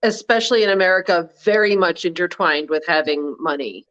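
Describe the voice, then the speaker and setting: A woman's voice: fairly low pitch, a little fast, fairly bright tone. A woman co-hosting a casual live chat, telling stories in a chatty, wry way. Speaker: co-host. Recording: dull, lo-fi audio.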